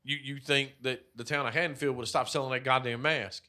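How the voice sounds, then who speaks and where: A man's voice: medium pitch, fairly even intonation, quick pace, pushed and bright. A man in his thirties co-hosting a podcast, telling rambling, profane stories full of fillers in casual chat. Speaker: podcast co-host.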